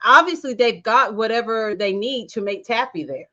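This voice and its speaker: A woman's voice: a little high, lively intonation, moderate pace, sharp tone. A woman co-hosting a casual podcast about a reality show, talking bluntly and swearing freely. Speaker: podcast co-host. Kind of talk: casual reality TV recap chat. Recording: slightly dull lo-fi sound.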